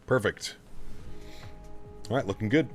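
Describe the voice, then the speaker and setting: A man live-streaming a flight simulator session, giving relaxed, chatty commentary to his viewers as he runs through cockpit checks. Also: fairly low pitch, unhurried, music in the background. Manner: relaxed, chatty, talks to chat while flying. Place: home flight sim setup.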